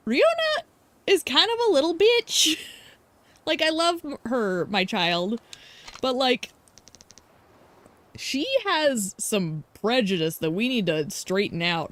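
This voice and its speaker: A woman's voice: on the high side, very animated, slow pace, long pauses, a bit bright. A young woman streamer giving casual game commentary, gushing and giggly with playful drama.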